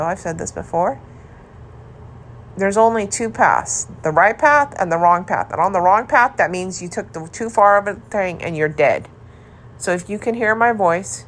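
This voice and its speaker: A woman with a slightly low voice speaks earnestly and affectionately, as if leaving a voice message for her partner. She rambles a little and keeps circling back to her point. A faint hiss sits under the recording. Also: a bit bright. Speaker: podcast host.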